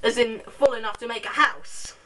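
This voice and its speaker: A woman's voice: fairly high pitch, fairly even intonation, normal speed, bright, forceful tone. A young woman vlogging in a casual, giggly, rambling way, full of self-mocking asides. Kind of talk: casual chat to camera. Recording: distant camera mic with noise.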